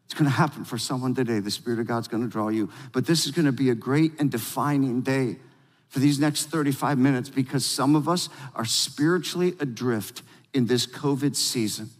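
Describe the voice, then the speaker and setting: A man preaching a sermon as pastor, energetic and emphatic, drawing the congregation into call-and-response. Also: medium pitch, brisk, big-room sound.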